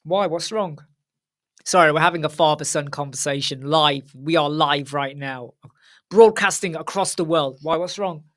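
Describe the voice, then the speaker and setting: A man's voice: fairly high pitch, moderate pace, fairly bright tone. A middle-aged man hosting a casual live Q&A stream from home, talking frankly and straight to his viewers. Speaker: host.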